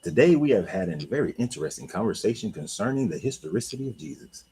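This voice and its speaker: A man hosting a casual livestream talk, blunt and animated, swearing and laughing often. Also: fairly low pitch, quick pace, slight background noise, rough recording. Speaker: host.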